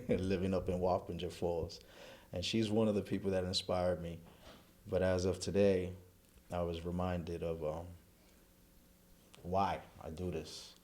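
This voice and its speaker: A man's voice: low voice, darkish tone. A middle-aged man, a charity event chairman speaking earnestly in an interview and running through long lists.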